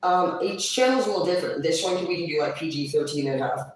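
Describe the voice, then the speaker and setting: A woman's voice: low voice, distant mic. Blunt foul-mouthed woman in an echoey room. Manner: blunt, profane, quick to laugh. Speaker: livestreamer. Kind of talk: casual livestream chat.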